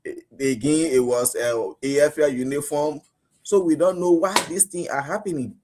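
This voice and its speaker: A Liberian man giving animated talk radio commentary, acting out police stops as he argues. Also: moderate pace, background noise. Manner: animated, rising pitch when outraged, acts out police exchanges. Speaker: radio panelist.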